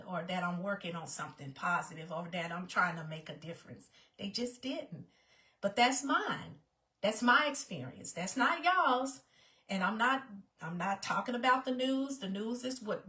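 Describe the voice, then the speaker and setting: Emphatic woman with a bright voice. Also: medium pitch. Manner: emphatic, repeats phrases, conversational. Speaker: vlogger. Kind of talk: personal talk to camera.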